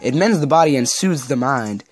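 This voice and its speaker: A man's voice: medium pitch, lively intonation, normal speed, lightly acted. A man voicing a flamboyant, cheerful male archduke with a put-on southern drawl while reading game dialogue aloud. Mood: jovial. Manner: jolly, folksy, playful.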